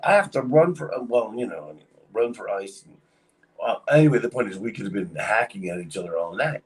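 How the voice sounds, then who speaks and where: A man's voice: lowish voice, lively intonation, brisk, far from the mic, poor audio. A man casually telling a long story on a livestream, rambling with lots of fillers. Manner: rambling, many fillers, acts out quoted voices.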